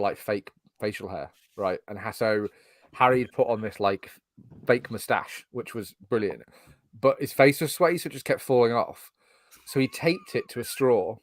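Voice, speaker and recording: A man co-hosting a casual podcast, telling rambling stories and laughing often. His voice sits at a middling pitch. The recording is dry, with no room sound. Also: no room sound. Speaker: podcast host.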